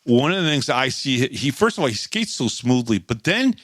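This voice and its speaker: A man's voice: medium pitch, very animated, brisk, fairly bright tone, dry recording. Chatty man recapping hockey. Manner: chatty, recaps stats with frequent restarts. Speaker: podcast co-host. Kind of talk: casual sports talk and game recap.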